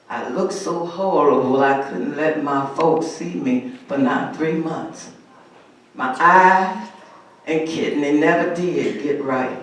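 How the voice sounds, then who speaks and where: High-voiced man telling a slow, echoing story. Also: a bit bright. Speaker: solo performer. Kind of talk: dramatic first-person monologue with spirituals. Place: large church sanctuary. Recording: echoey church hall from far off.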